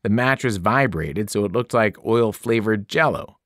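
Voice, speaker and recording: A man, a teacher, reading a novel aloud in expressive first-person narration. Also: lowish voice, normal speed, no room sound, studio quality. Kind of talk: audiobook narration.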